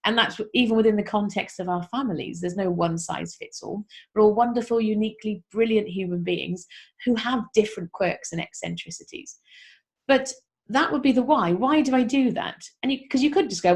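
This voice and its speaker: Chatty woman host with a gravelly edge. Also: mid-range voice, fairly quick, a little mellow. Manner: chatty, upbeat, encouraging, with frequent asides. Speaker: self-help podcast host. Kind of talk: casual motivational talk to listeners.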